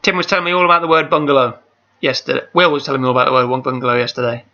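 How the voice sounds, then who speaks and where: A man's voice: medium pitch, steady tone, racing, pushed and bright. A man hosting a charity quiz over a video call, chatty and rambling, reading out each question twice. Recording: dull lo-fi call audio.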